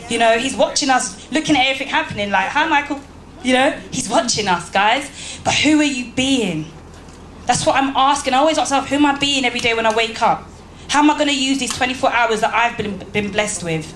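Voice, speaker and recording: Speaking to a crowd in a church hall, a woman with a fairly high, somewhat bright voice gives an emphatic motivational speech full of rhetorical questions. Slight background noise and faint ambience come through in the roomy recording.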